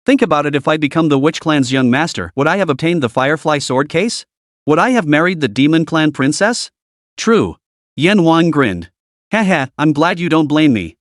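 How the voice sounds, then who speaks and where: A man's voice: on the high side, lively intonation, normal speed, dry recording, clean studio sound. A man narrating a recap story in a scripted read, voicing all characters in the same plain voice.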